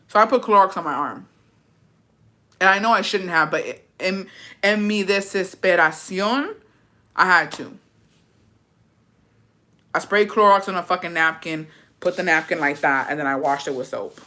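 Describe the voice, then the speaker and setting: A young woman hosting a livestream, telling a story in a rapid, profane, casual way and dropping in Spanish words. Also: fairly low pitch, sharp tone. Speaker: livestream host.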